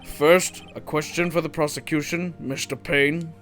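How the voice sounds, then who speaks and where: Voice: mid-range voice, steady tone, measured pace, fairly bright tone, faint music behind, lightly acted. A gamer reading a stern older male judge's lines aloud from a game.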